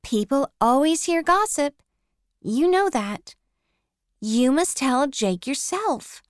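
A supportive teenage girl gently urges her friend to do the right thing, voiced by a woman reader. Her voice is high and the pace unhurried, recorded close and dry. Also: expressive, no room sound. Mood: urging. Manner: gentle, urging.

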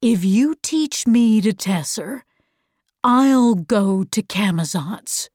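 A woman's voice: medium pitch, animated, slow pace, a little mellow, dry recording, studio quality. A woman voicing a determined, protective father in a storybook reading, in her own voice. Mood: firm. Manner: earnest, firm.

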